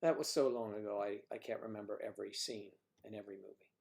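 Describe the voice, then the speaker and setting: A man's voice: on the low side, fast, gravelly, darkish tone. A man hosting a livestream, chatting casually and joking in rambling asides as he reacts to viewer comments. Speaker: livestream host.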